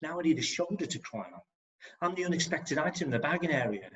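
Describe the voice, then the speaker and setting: A man's voice: a little high, big pitch swings, fast. A man with an English Midlands accent performs his rhyming poems on an online video call and talks between them with wry humour. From England. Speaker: performance poet. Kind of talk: spoken-word poetry reading with comic asides. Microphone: video call microphone. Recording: dull lo-fi video call audio.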